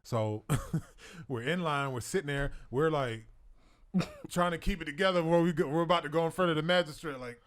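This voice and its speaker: A man spins a story in a casual podcast chat, his voice sitting a little high. He slips into other people's voices as he tells it, shouting and laughing along. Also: a little fast. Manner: animated storyteller, acts out other people's lines. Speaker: podcast co-host.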